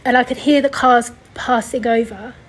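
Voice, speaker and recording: A young woman tells her own story on her podcast, her voice a little high and breathy. She sounds tearful, sighing often and rambling, with many restarts and corrections. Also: fairly even intonation, moderate pace, rough recording. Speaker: podcast host. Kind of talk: personal storytelling.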